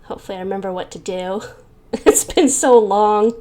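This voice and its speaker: A woman's voice: medium pitch, moderate pace, dark tone. A woman hosting a gaming video, reading a visual novel aloud and breaking off into giggly, self-mocking asides. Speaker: gaming channel host.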